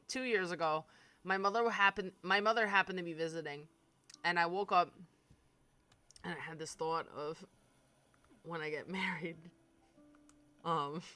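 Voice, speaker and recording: Young woman streamer, candid storyteller with a dark sense of humor and a dry, close sound. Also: on the low side, measured pace, long pauses, clear, resonant tone, dry recording. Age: 20s. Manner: candid, darkly funny, swears freely. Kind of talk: casual storytelling.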